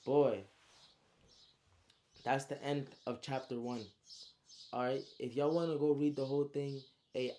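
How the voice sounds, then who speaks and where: A young man retells his own story in a loose, slang-heavy storytime style. He fills it with spoken sound effects and casual asides. His voice is mellow and dark-toned. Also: medium pitch, creaky, a little hiss or hum. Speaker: author recapping his story.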